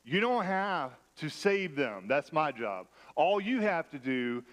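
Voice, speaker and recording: A man's voice: on the high side, very animated, takes it slowly, fairly bright tone. Conversational man preaching a sermon. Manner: conversational, self-deprecating humor. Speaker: pastor. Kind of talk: sermon with personal storytelling. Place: church.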